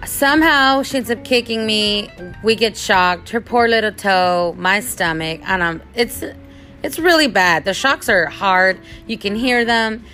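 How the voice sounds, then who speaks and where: A woman hosting a podcast, telling a personal story in a casual, animated, expressive way. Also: mid-range voice, measured pace, faint music behind. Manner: animated, expressive, acts out quotes. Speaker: podcast host.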